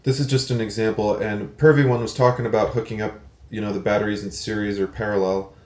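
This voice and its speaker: A man's voice: fairly low pitch, level tone, fast, a little mellow, reverberant. A man hosting a casual video reply, explaining things in a rambling, self-correcting way with offhand swearing. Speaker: prepper channel host. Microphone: desk mic with some feedback.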